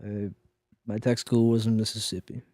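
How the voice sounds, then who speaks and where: A man co-hosting a casual comedy chat, telling stories in a deadpan, mock-serious way. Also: lowish voice, moderate pace, no room sound, studio quality. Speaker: podcast co-host.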